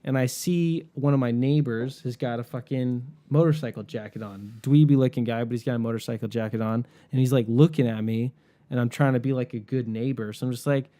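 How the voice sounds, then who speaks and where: A man telling a story in casual chat, animated and profane, acting out the people he met. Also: medium pitch, fairly quick. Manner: animated, swearing, acts out the people in his stories.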